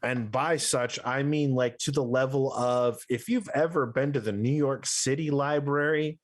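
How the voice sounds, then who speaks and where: A man acting as game master, slowly describing a scene with fillers as he goes. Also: medium pitch. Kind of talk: narrating a tabletop game.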